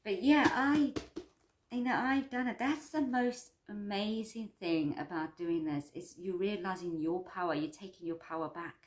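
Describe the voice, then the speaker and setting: A woman's voice: mid-range voice, moderate pace, reverberant. A woman doing a personal check-in vlog about her course, talking in a rambling, repetitive, upbeat and self-affirming way. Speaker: vlogger and course creator.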